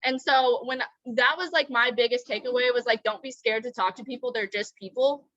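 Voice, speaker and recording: A young woman co-hosts a casual chat, excitable and rambling. Her voice is high and bright. The recording is dry and slightly muffled. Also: fairly quick, no echo. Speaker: co-host.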